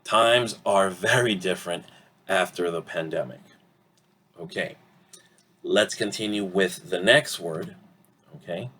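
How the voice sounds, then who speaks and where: A man teaching English pronunciation in an online lesson, saying each word slowly and deliberately to model it and checking in often with "okay?". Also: sits low, pushed and bright, slightly rough.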